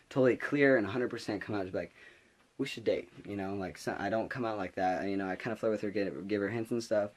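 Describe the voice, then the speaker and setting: A man's voice: lowish voice, a little mellow. A young man telling a casual story to camera, rambling with lots of restarts and filler words, sometimes whispering quoted asides. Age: young adult. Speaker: vlogger.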